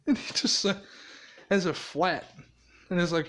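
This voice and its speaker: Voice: mid-range voice, a little slow, long pauses, fairly bright tone. A person casually telling a rambling fan story, swearing often and laughing along.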